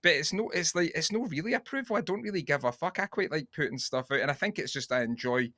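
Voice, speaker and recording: A man's voice: on the high side, lively intonation, fast, sharp tone, no echo, clean studio sound. A Scottish man co-hosting a podcast, rambling and sweary in casual chat. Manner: rambling and sweary, with many restarts. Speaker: podcast co-host.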